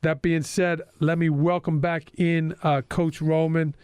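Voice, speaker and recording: A man's voice: on the high side, level tone, unhurried, a little mellow, clear, resonant tone, no room sound. A man hosting an interview podcast as a school principal, talking in a friendly, casual way with lots of uh fillers. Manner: friendly, filler-heavy with frequent uh.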